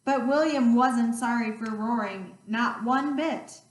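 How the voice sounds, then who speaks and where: Slow, expressive teacher reading stories. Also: female voice, fairly high pitch. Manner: expressive, with playful roars. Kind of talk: reading picture books aloud. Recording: roomy sound, distant mic.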